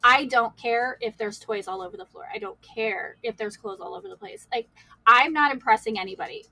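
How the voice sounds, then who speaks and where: A woman's voice: on the high side, animated, fairly quick, creaky, bright, forceful tone, no echo, low-quality recording. A woman guest on a podcast, candidly telling her life story in a rambling way, with many "like"s and laughs. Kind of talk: emotional personal storytelling.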